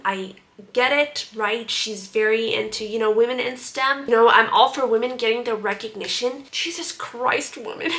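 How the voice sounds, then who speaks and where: A woman's voice: fairly high pitch, pushed and bright. A young woman giving a casual, sarcastic and exasperated book review as the host of her channel.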